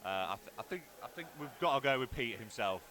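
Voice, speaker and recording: A man's voice: medium pitch, animated, fast talker, pushed and bright. A man co-commentating a live stream at a tournament venue, hesitant and stammering, self-deprecating. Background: crowd chatter.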